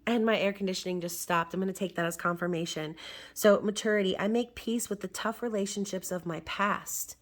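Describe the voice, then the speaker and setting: Hoarse woman giving a tarot reading. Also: medium pitch, brisk. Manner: chatty, musing, wry asides. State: hoarse, recovering voice. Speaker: tarot reader.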